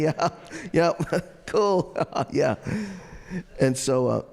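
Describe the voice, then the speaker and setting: A middle-aged man telling an animated story to an audience, acting out the voices he quotes and laughing often. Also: mid-range voice, measured pace, vocal fry. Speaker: trumpet player on a judges panel. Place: large hall. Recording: long reverb of a large hall.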